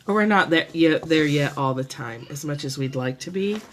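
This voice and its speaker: Her voice is low but lively in intonation, at a normal speed, with slight background noise. She's live streaming casually from her home room via a propped-up phone or camera, thinking out loud, correcting herself, and laughing readily.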